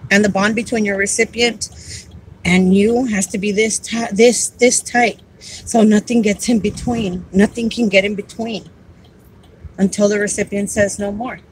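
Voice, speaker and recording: A woman at a middle pitch talks casually to her livestream viewers as a caregiver advocate. She is heartfelt and rambling, circling back and repeating words, and a faint hiss sits under her voice. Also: fairly even intonation, normal speed, poor audio.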